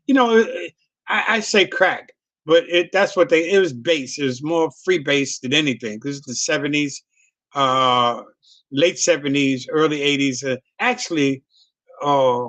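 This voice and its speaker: A middle-aged man tells a loose, profanity-laced story, circling back and laughing as he goes. His voice sits a little high for a man. The sound is dry and close, with no room around it. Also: normal speed, pushed and bright, no room sound. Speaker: comedian. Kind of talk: casual storytelling on a video call.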